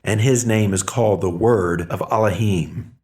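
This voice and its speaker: Low-voiced man reading scripture. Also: moderate pace, a little mellow.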